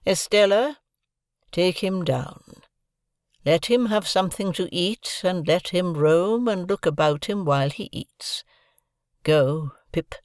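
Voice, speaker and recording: A man putting on a slow, imperious old woman. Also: sits high, clear, resonant tone, no room sound, clean studio sound, pitched above the performer's own voice. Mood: commanding. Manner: slow, drawn-out, commanding speech.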